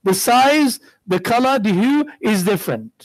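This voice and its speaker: In a high, expressive voice and an unhurried manner, a middle-aged sheikh delivers a storytelling sermon, voicing the people in his tales and asking rhetorical questions. The recording is dry and of low quality.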